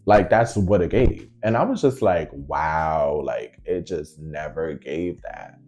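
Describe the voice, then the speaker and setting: A man spinning a story in a lively, sing-song voice that climbs and dips all over. He takes his time with every line and talks in slang. He voices each person in the story himself, with faint music underneath. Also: a bass voice, slow. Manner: animated, slangy, acts out every side of the conversation. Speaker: vlogger telling a storytime. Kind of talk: casual storytelling.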